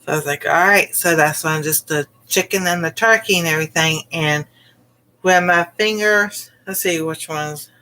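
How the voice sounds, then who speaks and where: A woman's voice: sits low, moderate pace, bright, forceful tone. A woman cooking vlogger telling a personal story in a casual, rambling way, with many fillers and exclamations. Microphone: livestream.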